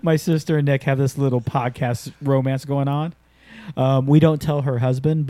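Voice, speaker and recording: A man hosting a casual podcast, telling loose, swear-heavy stories with lots of energy. His voice has a dark, mellow tone, and the sound is dry and close with no room echo. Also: mid-range voice, normal speed. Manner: profane, animated storytelling. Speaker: podcast host and skydiving instructor.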